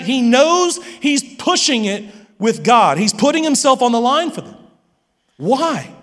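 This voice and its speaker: A man preaching a sermon as pastor, lively and animated, often stammering and restarting his phrases. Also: very high voice, measured pace, long reverb tail.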